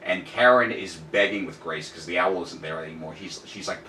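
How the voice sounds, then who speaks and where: A man's voice: low voice, fairly quick. A young man co-hosting a casual comic book podcast, retelling scenes and acting out the quotes with energy. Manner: animated storyteller, acts out quotes. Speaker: podcast co-host. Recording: roomy, distant mic, faint hiss.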